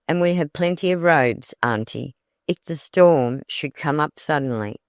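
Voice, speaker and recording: Narrator doing cheerful young woman dorothy, good-natured, smooth clear voice. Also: medium pitch, unhurried, no echo, clean studio sound, close to an everyday voice.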